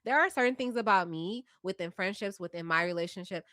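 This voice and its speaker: A middle-aged woman, a guest in a casual chat, speaking in a measured and reflective way. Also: mid-range voice, sharp tone, dry recording, studio quality. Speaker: podcast guest.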